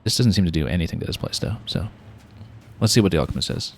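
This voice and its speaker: A man's voice: deep voice, expressive, quick pace, slight background noise. A man streaming a video game, thinking aloud and planning his next moves with casual fillers. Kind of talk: casual gameplay commentary.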